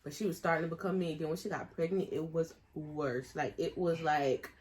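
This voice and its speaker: A woman's voice: low voice, steady tone, fairly quick, a little mellow. A young woman, chatting casually and teasingly with her sister on a vlog. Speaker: vlogger's sister. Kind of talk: casual storytime chat.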